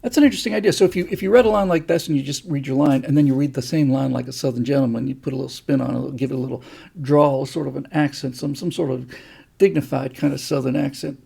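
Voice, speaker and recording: A man's voice: medium pitch, quick pace, gravelly, warm tone, breathy edge. A middle-aged man hosting a casual livestream, answering viewer comments in a rambling, enthusiastic way. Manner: rambling and enthusiastic, with many fillers. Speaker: host.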